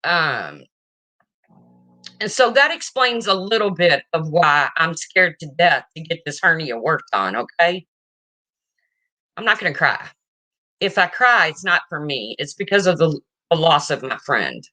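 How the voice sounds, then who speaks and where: A woman with a low, bright, forceful voice tells a personal story to her viewers. She talks frankly and emotionally, swears without a second thought and keeps checking in with her audience. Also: big pitch swings, unhurried, long pauses. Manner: frank, emotional, swears casually, asks okay?. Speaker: vlogger. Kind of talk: casual storytelling to camera.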